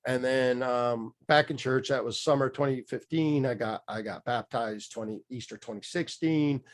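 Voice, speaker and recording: A man's voice: mid-range voice, normal speed. A middle-aged man telling his story as a podcast guest, candid and rambling, with many fillers and restarts. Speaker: podcast guest, mindset coach. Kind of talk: casual storytelling interview.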